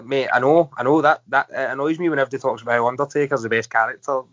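A man's voice: mid-range voice, fairly even intonation, fast talker, fairly bright tone, no echo. A Scottish man hosting a casual podcast chat, teasing his guest and laughing often. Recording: dry, dull lo-fi audio.

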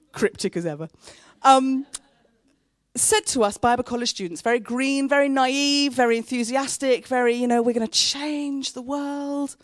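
A woman gives a heartfelt sermon. She speaks slowly and earnestly, with pauses between phrases. Her voice sits fairly high, and the sound is dry and close. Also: dry recording. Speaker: pastor. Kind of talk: sermon with personal story.

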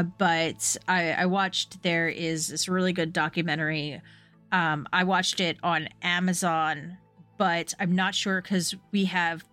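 A young adult woman co-hosting a true crime podcast, telling the story in a relaxed, chatty way with fillers. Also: on the low side. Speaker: podcast co-host.

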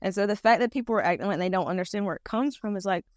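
A woman's voice: mid-range voice, racing, dry recording, studio quality. A woman in her thirties from North Carolina with a Southern accent, chatting down-to-earth as a podcast guest with lots of fillers. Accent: Southern US, eastern North Carolina. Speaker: podcast guest, pageant titleholder. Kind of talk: casual conversation.

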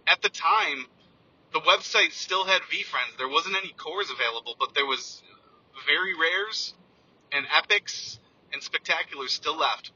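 A man's voice: on the high side, expressive, unhurried, sharp tone, husky, highs cut off. A man telling a personal story in an earnest, heartfelt way, often restarting his sentences. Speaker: computer teacher sharing a personal story.

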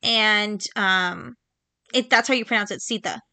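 A woman's voice: medium pitch, vocal fry, sharp tone, no echo. A woman hosting a casual book podcast, talking chattily and emphatically, repeating points for stress with lots of ums and little laughs. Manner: quick laughs between points. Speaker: podcast host. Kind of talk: casual solo book chat.

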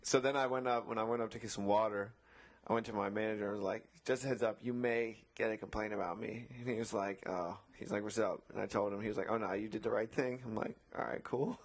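Here a man speaks fast in a steady, lowish voice. Working as a beach umbrella attendant, he chats casually about a dispute with a customer, performing both roles and swearing frequently.

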